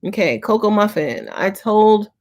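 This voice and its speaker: A woman's voice: mid-range voice, lively intonation, measured pace, darkish tone. A woman tarot reader answering viewers' questions on a live stream, talking in a casual, slangy, profane way and sounding tired.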